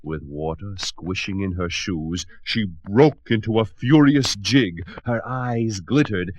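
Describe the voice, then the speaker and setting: A man reading a children's storybook aloud with expressive, dramatic narration. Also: on the low side, measured pace, dry recording.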